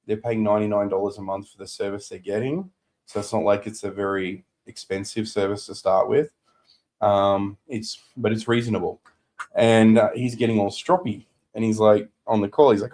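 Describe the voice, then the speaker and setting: A man's voice: fairly low pitch, fairly even intonation, fairly quick, a little mellow. A man, co-hosting a business podcast, telling a client story in casual chat and acting out what people said.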